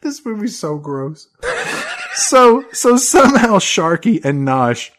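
A man co-hosting a casual movie-recap chat, laughing often and dropping into low mocking voices to mimic characters. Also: big pitch swings, slow, fairly bright tone. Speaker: podcast co-host.

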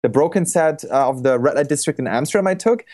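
A man's voice: fairly high pitch, animated, fast talker, darkish tone. A young man talking casually on a podcast about photography, loose and rambling, with lots of restarts and fillers.

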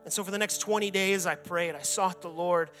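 In a church sanctuary, a pastor in his forties shares his testimony with earnest conviction during a sermon, reenacting his anguished shouted prayers. His bright, high-sitting voice stays fairly even in intonation and moves briskly, with soft music underneath.

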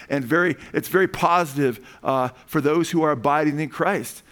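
Guy preaching in church, a bit high-voiced, gets loud and punchy on questions, mic'd up. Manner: animated preaching, rising emphatic questions. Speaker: pastor. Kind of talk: sermon. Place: church sanctuary. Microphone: amplified microphone.

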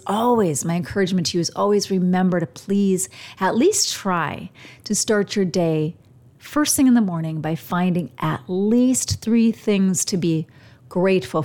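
Woman hosting a slow, gentle self-help talk. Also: fairly low pitch. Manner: slow, gentle, reflective delivery with pauses. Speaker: show host.

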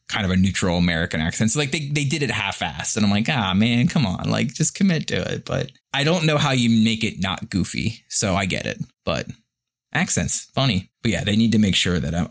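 A man co-hosting a podcast in casual chat, rambling with lots of fillers, a little profane and quick to chuckle. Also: fairly low pitch. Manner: profane and playful. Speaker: podcast co-host.

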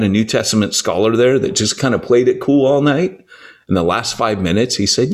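A man, a church planting author, explaining scripture and his own story in a conversational teaching style, animated and full of restarts. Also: fairly low pitch, a little fast. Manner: animated storyteller, acts out quoted voices, frequent restarts.

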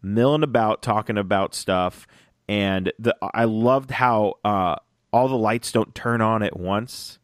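A man in a casual fan chat, talking excitedly and rambling, often acting out lines in little voices. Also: on the low side, measured pace, dry recording, clean studio sound. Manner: excited, rambling, acts out quotes.

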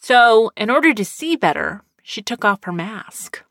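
A young woman casually telling a rambling story, laughing often and squealing when excited. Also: a little high, a little slow, dry recording, clean studio sound. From Texas. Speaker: podcaster.

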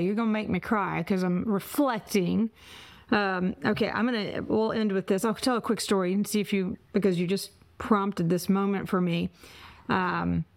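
A woman hosting a podcast, talking in an animated and emotional way as she tells a personal story and asks her guest questions. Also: medium pitch. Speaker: podcast host. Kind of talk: conversational interview.

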